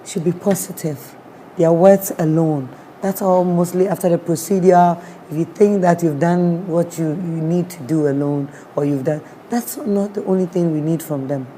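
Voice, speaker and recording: A woman's voice: lowish voice, moderate pace, dark tone, slight background noise. A woman with a Ghanaian accent, a guest sharing a personal story with feeling. She acts out what people said and mixes in Twi words.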